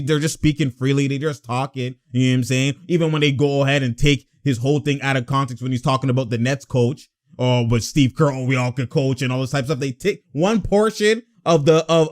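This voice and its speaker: A man hosting a casual sports talk video, ranting in a heated, slangy way. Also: mid-range voice. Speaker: sports commentary host.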